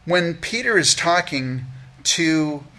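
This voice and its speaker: A man's voice: fairly high pitch, lively intonation, takes it slowly, pushed and bright. A man preaching as a pastor, earnestly teaching through a Bible passage verse by verse, often repeating words as he restarts a thought.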